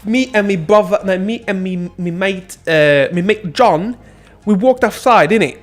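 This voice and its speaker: A man's voice: high-pitched, a little slow, voice pushed up. A man voicing a swaggering young British street-slang man who boasts and ends his lines with tag questions.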